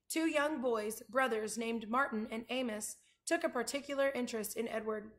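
Brief: woman reader, children's chapter book, higher voice, storytime manner. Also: moderate pace, hardly any pauses, fairly bright tone. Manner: showing pictures to listeners. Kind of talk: reading a children's book aloud.

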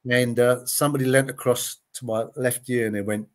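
Brisk and mid-range, with fairly even intonation, a man in his late sixties who was once a TV gladiator chats through anecdotes in a casual interview. He mimics the people he quotes and frequently says "you know."

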